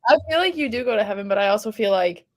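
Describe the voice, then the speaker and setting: A woman's voice: mid-range voice, animated, rapid-fire. A woman guest on a podcast talking in casual chat, hesitant and filling with "like". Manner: hesitant, many "like" fillers.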